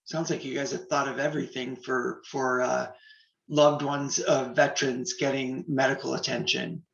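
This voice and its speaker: A man's voice: medium pitch, flat delivery, normal speed, vocal fry, a bit bright. A man hosting a TV interview, asking short questions with brief encouraging interjections. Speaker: TV interview host. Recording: roomy dull-sounding studio audio.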